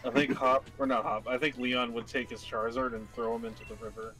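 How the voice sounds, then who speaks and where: A man's voice: medium pitch, a little fast, loud music behind the voice, low-quality recording. A man giving casual gaming commentary with dry, joking banter as a let's play co-host.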